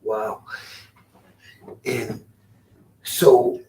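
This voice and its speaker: A man in his sixties with a somewhat low voice tells his stories in a halting, rueful way, restarting sentences and repeating himself. He sits a little back from the mic, with a faint hiss of room noise behind him. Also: level tone, mellow, distant mic. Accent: Rhode Island. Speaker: guest, former boxer. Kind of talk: storytelling interview.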